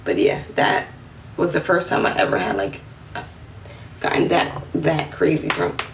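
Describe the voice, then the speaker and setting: A woman's voice: low-pitched, moderate pace, gravelly. Twenties woman, New York accent, telling a casual story on a livestream. Set a bit back from the phone, with faint room noise. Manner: animated, slangy, acts out quotes in a raised voice. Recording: roomy, slightly distant phone audio with faint room noise.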